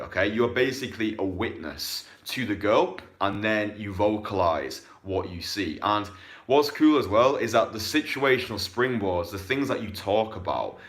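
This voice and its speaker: A young man coaching on dating in a blunt, profane, casual monologue, with bursts of quick talk. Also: fairly low pitch, fairly bright tone.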